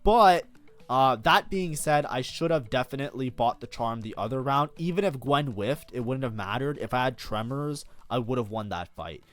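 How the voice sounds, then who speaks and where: Animated, swearing gaming streamer guy. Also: mid-range voice, normal speed, soft background music. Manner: swears freely, bursts into loud frustrated outbursts; self-critical, talks constantly. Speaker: streamer reviewing his own match. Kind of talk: casual gameplay commentary.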